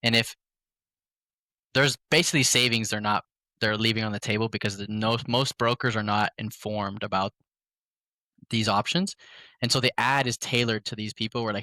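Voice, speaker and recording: A man chatting casually on a podcast, telling animated stories about his phone sales calls in slangy talk, acting out both sides of each call. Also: lowish voice, fairly quick, dry recording. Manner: animated storytelling, quotes his calls in voices; slangy, says "bro" often. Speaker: podcast guest. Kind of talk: casual chat.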